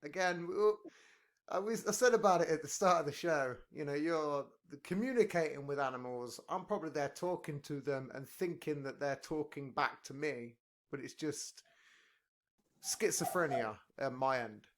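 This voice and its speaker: A man's voice: on the high side, normal speed. A man hosting a podcast, telling stories in casual chat and laughing at his own jokes. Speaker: podcast host. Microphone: headphones on.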